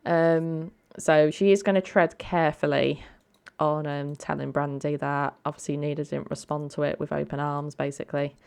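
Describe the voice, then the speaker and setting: A woman's voice: low-pitched, little pitch movement, moderate pace, vocal fry, a little mellow, clean tone. A woman chatting casually over a life-sim game she is playing, with lots of ums and a chatty manner. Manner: chatty, filler-heavy. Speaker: let's play host. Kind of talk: casual gameplay commentary.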